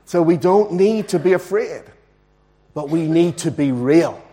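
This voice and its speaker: A man preaching a sermon in a church, earnest and emphatic, slowing down to stress key words. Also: a little high, expressive, warm tone. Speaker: pastor.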